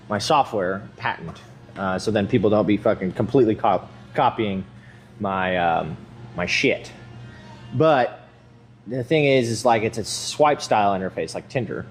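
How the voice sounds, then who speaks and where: A young man chatting casually while working out in a gym, rambling and swearing freely with a self-mocking edge. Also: lowish voice. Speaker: vlogger.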